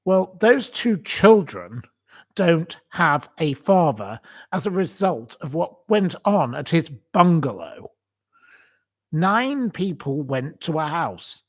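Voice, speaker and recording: A slow-talking man on a live stream, ranting with open indignation and circling back to the same points. His voice swings widely up and down as he takes his time over each phrase. He is answering viewers' comments, deeply worked up. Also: big pitch swings. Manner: indignant, ranting, repeats himself. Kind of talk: emotional live-stream rant.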